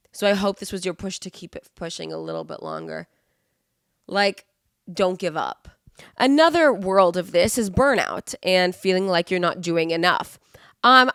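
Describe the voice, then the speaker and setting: This fairly low-pitched woman in her twenties hosts her podcast alone despite having the flu, offering earnest motivational tips that ramble and fill up with fillers. The studio-quality recording has no echo.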